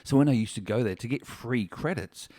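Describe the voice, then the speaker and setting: A man chats casually as a podcast co-host. He laughs easily and keeps restarting his sentences. His voice sits at an average pitch and sounds close and dry. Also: a little fast, mellow, dry recording. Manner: chatty, laughs often, frequent restarts. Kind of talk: casual chat.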